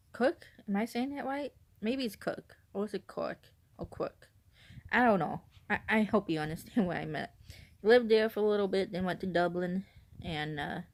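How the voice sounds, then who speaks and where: A vlogger from northern Illinois talks casually to camera in a mid-range, slightly mellow voice. She rambles, corrects herself repeatedly, giggles a lot and confesses she's nervous on camera.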